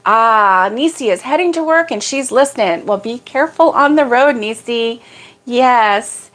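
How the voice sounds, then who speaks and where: A woman's voice: on the high side, expressive, unhurried, fairly bright tone. A middle-aged woman hosting a casual morning livestream, rambling homily and greeting viewers by name with a lifted, friendly voice. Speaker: livestream host.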